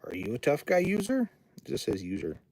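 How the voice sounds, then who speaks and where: A man's voice: mid-range voice, wildly swooping pitch, a little fast, creaky, a little mellow, no echo. A man who runs a recording studio, chatting casually on a livestream, rambling and reading viewer comments aloud in his home studio.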